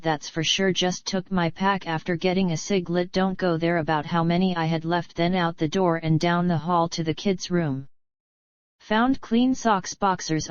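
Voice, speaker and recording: Woman reading her own audiobook, rambly slangy and sweary, lowish smooth voice, dull lo-fi sound. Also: no room sound. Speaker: audiobook narrator. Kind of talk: first-person audiobook narration.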